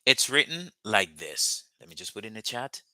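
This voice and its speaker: A man's voice: on the low side, very animated, normal speed, pushed and bright, no echo. A man, a Creole speaker, teaching a live online language lesson over a video call and patiently repeating words for drilling. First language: Haitian Creole.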